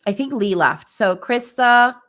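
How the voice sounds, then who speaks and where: A woman's voice: on the high side, expressive, a little slow, fairly bright tone. A woman hosting a spiritual livestream, chatting casually and giggling often, with lots of fillers. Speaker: livestream host and spiritual reader.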